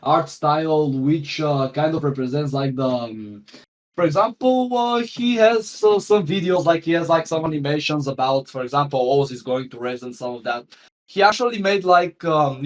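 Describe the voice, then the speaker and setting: Brief: young guest, rambling with many fillers and a slightly raised pitch. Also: male voice. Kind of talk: casual podcast chat.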